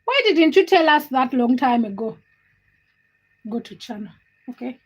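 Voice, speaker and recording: A woman's voice: high-pitched, lively intonation, moderate pace, breathy edge. A young woman, hosting a casual livestream and chatting with viewers by name in a giggly, teasing way. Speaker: livestream host. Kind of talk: casual livestream chat reading comments.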